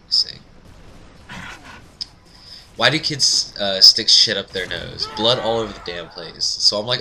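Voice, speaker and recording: A man telling a funny childhood story over game commentary, animated and laughing, climbing to excited yelps. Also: sits low, moderate pace, a little hiss or hum, low-quality recording. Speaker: gaming commentator. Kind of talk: casual storytelling over gameplay.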